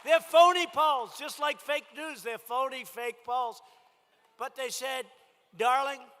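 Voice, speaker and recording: An American man giving a campaign rally speech in a large room, speaking emphatically in short, repeated phrases that often rise to a shout. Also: extremely high pitch, takes it slowly. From United States. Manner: emphatic, repetitive, punchy phrases, frequent shouts. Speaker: politician addressing a rally. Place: large crowded indoor room. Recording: big hall reverb, faint noise.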